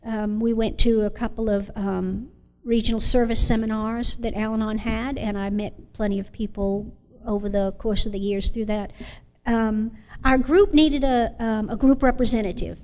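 Woman, slightly high voice, earnest personal testimony, halting with many fillers, long room reverb. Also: fairly even intonation, darkish tone. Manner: earnest and reflective. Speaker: Al-Anon member sharing her story.

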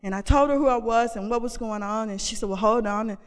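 In a large hall with long reverb, a woman candidly recounts her recovery story to an audience, talking in a conversational way that keeps restarting and repeating phrases. She has a fairly high voice and a quick pace.

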